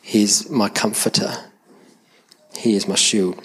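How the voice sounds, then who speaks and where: A man with a fairly low voice preaching a sermon at a church service. He talks in a conversational way and often repeats words as he restarts a thought. He mixes in light humor with the congregation. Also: fairly even intonation, slow, fairly bright tone, slightly rough. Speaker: pastor.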